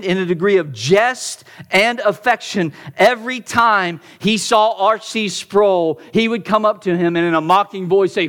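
A man preaching a sermon, telling a story with dramatic turns from loud emphasis to hushed near-whispers, often repeating the first word of a phrase. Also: high voice. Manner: repeats words at starts of phrases. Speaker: pastor.

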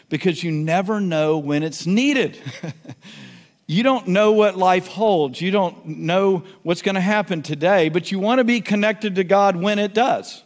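A pastor giving a sermon, telling a story and leading prayer, moving between emphatic and hushed delivery. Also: male voice, high voice, big-room sound. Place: church sanctuary.

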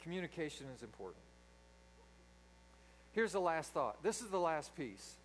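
A man preaching a sermon in a church, a dynamic speaker who swings from loud emphasis to quiet asides. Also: on the high side, very animated, normal speed, a little hiss or hum, poor audio. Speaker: pastor. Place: church sanctuary.

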